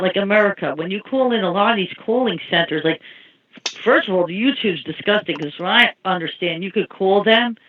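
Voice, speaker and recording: A woman telling rambling anecdotes in casual chat. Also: mid-range voice. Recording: tinny phone-like line.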